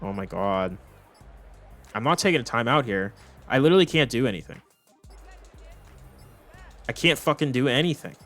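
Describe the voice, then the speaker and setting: A man's voice: medium pitch, expressive, normal speed, pauses often, a bit bright, faint music behind. A young man commentating his own football video game, exasperated and swearing as he rambles through complaints. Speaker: gaming commentator. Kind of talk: frustrated gameplay commentary.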